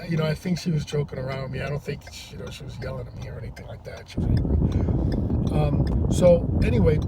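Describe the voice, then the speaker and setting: A man who drives for a rideshare service, telling a story to camera in a halting, rambling way, from inside a parked car. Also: a little high. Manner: rambling, halting with many restarts. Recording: distant mic with loud traffic noise. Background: loud vehicle and road noise.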